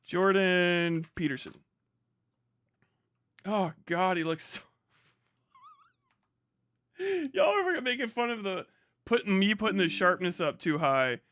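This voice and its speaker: A man's voice: high-pitched, slow pace, long pauses, no room sound. A man streaming live, chatting casually, swearing constantly and laughing often. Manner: profane, excitable, laughs often.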